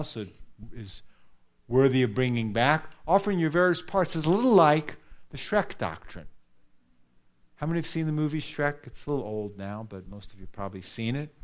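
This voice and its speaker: A man preaching a sermon to a congregation, earnest and direct, repeating key phrases for emphasis and putting questions to his listeners. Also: mid-range voice. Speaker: pastor.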